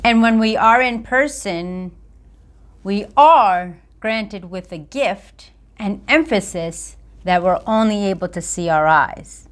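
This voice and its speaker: Here a woman coaching people on accountability speaks motivationally to the camera. Her pitch sits in the medium range, and her delivery is emphatic and deliberate.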